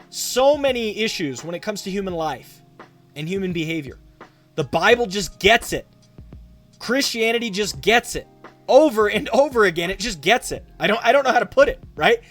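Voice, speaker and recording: A man's voice: sits high, a bit bright. A male pastor answering a viewer's question in a teaching style, emphatic and fond of repeating phrases for effect.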